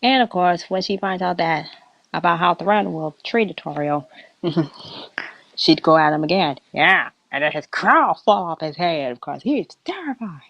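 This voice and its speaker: A woman's voice: lowish voice, lively intonation, measured pace, gravelly, a bit bright, no room sound. Giggly woman telling a playful story. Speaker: host. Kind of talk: casual chat, retelling a fan story. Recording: dull lo-fi recording.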